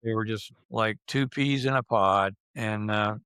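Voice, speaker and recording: An older man in his seventies recounting his youth in an unhurried, halting way, full of fillers and restarts. His voice sits low and sounds smooth and resonant, recorded dry and close. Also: fairly bright tone, no echo. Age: 70s. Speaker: interviewee recalling his youth. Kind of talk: casual reminiscing.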